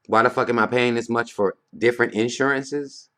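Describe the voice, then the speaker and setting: A man's voice: mid-range voice, steady tone, brisk, fairly bright tone. A man ranting bluntly to camera in a vlog, heated and profane, firing off rhetorical questions. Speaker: vlogger. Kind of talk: casual rant to camera.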